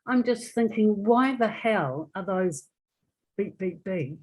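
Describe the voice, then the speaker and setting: A woman's voice: medium pitch, expressive, slow, a little mellow, low-quality recording. A woman taking part in a workshop, describing her troubles in a frustrated, hesitant way and trailing off. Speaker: workshop participant. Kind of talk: sharing a problem in a group.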